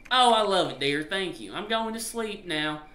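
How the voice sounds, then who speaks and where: A man voicing a gentle, soft-spoken country wife in a sweet, slow, homely way, in a game. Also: high-pitched, expressive, echoey room, voice pushed up.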